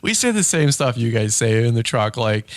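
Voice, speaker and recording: A man hosting a podcast in casual chat, telling stories in an excitable, laughing way. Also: mid-range voice, no echo, clean studio sound. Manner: fast, excitable, laughing storyteller. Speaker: podcast host, lawn care business owner.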